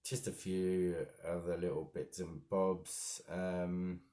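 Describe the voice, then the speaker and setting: Male vlogger, low voice, halting and musing, casual monologue. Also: flat delivery, mellow. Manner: rambling and halting, with frequent restarts. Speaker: daily vlogger. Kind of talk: casual self-reflective monologue.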